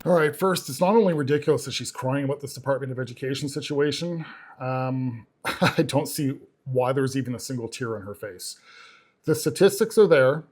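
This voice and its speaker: A man's voice: medium pitch, normal speed, a little mellow, slightly rough. A man hosting a reaction channel, scornfully and emphatically commenting on clips.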